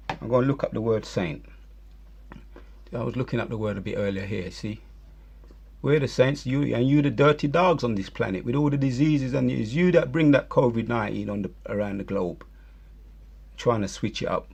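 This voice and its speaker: A man's voice: medium pitch, normal speed, creaky, darkish tone, slightly rough. A man giving heated, rambling religious commentary, scolding and preachy.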